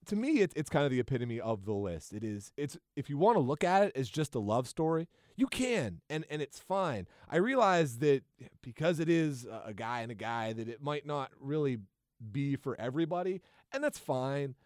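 A man's voice: mid-range voice, sing-song, moderate pace, a little mellow, dry recording, studio quality. A man co-hosting a podcast, chatting casually and enthusiastically about movies with frequent restarts. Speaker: podcast co-host.

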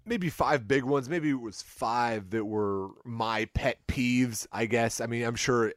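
A man's voice: medium pitch, slow, no room sound, clean studio sound. A man co-hosting a casual movie review chat, wry and rambling, often restarting his sentences. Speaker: podcast co-host reviewing a movie.

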